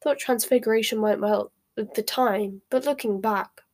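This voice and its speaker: A squeaky, frantic teenage girl, highly strung and fretting, as a woman reading a storybook puts her on. Her voice climbs high and loud when panic takes hold. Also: normal speed, lightly acted. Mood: fretful.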